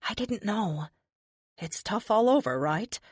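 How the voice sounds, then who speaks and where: A woman voicing a young female empath who talks in a soft, confiding way, in an audiobook. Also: medium pitch, animated, measured pace, husky, no echo. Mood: wry. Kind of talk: audiobook character voice.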